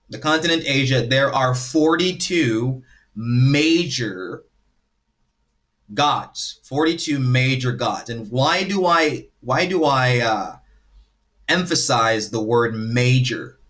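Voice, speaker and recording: A man's voice: mid-range voice, fairly bright tone. Man lecturing on a livestream. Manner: lecturing, lays out points one by one. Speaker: livestream host. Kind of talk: casual livestream talk.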